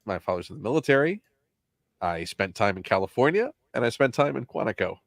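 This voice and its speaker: A man's voice: medium pitch, sing-song, fairly quick, gravelly, no room sound. A man with a General American accent hosting a casual chat in a wry, playfully teasing way. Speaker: host.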